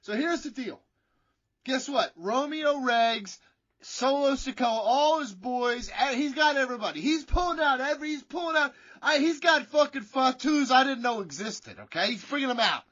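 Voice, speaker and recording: A man's voice: extremely high pitch, expressive, normal speed, a bit bright. A man co-hosting a wrestling podcast, telling a rambling, profane story in casual chat. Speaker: podcast co-host. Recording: dull lo-fi sound.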